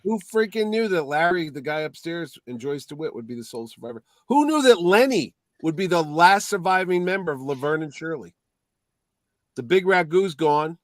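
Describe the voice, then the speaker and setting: A man's voice: on the high side, lively intonation, no room sound. A middle-aged man co-hosting a podcast, tossing out wisecracks and teasing jabs in casual chat. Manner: wisecracking, quick to tease. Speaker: podcast co-host.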